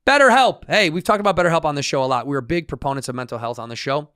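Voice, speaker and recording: A goofy man co-hosts a casual podcast and rambles playfully through an ad read. His voice is smooth and clear, recorded dry and close to the mic. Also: medium pitch, expressive, rapid-fire, fairly bright tone, no room sound. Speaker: podcast co-host.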